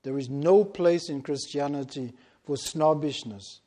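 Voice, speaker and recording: Slow, deliberate male preacher. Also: on the high side, dark tone. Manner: slow, deliberate and emphatic, stressing key words with long pauses. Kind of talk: sermon.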